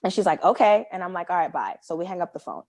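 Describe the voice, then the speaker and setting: A young adult woman co-hosting a podcast, telling a story in casual chat, animated and full of "like" fillers as she acts out what people said. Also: fairly low pitch, fast, no room sound. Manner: animated, many "like" fillers, acts out quoted dialogue. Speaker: podcast co-host.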